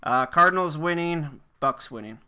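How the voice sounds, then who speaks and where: A man co-hosting a casual sports podcast with a bright, smooth voice. He lays out his predictions in a steady, matter-of-fact way. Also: fairly high pitch, moderate pace. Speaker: podcast co-host.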